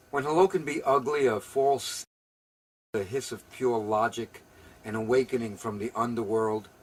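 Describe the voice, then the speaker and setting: A man reading his own poem aloud during a casual home interview, with quick, rambling, self-deprecating asides. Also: mid-range voice, a little hiss or hum, poor audio. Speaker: poet.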